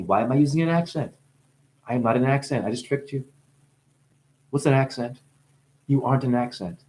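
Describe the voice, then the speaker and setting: Rambling, high man swearing freely. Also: brisk, long pauses, darkish tone. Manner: swings between mumbling and sudden high exclamations; profane, playful. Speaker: spiritual video maker. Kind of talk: rambling monologue.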